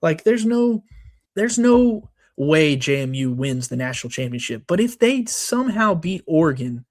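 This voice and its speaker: A man's voice: fairly high pitch, big pitch swings, normal speed, a little mellow. A man co-hosting a sports podcast, ranting in a casual, worked-up way with lots of fillers and restarts. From Texas. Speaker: podcast co-host.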